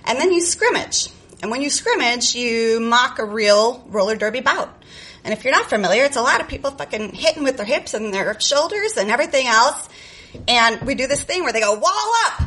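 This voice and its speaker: Bright-voiced sarcastic woman storyteller. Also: fairly high pitch, fairly quick. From South Side of Chicago. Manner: sarcastic, profane, animated. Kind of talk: live personal storytelling. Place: live show on stage.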